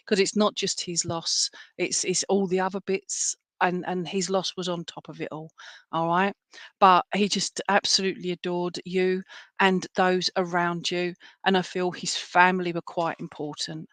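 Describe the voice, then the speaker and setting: A woman, working as a spiritualist medium and relaying messages to people at an online service in a gentle, reassuring way, often checking in with "all right?". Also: on the low side, level tone, moderate pace, no room sound. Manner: gentle, reassuring, full of fillers and "all right?" tag questions. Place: at home for an online church service.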